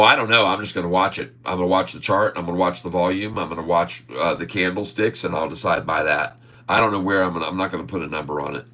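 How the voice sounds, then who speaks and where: Reading audience comments aloud on his casual stock-trading stream, a man speaks in a deep, somewhat bright voice. Frequent chuckles and lengthy, folksy asides mark his delivery.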